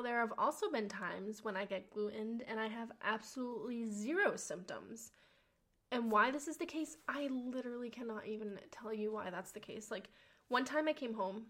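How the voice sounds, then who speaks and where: A young adult woman hosts a podcast and tells a personal story in a casual, chatty, animated style. She uses slang, swears now and then, and acts out quotes with big jumps in pitch.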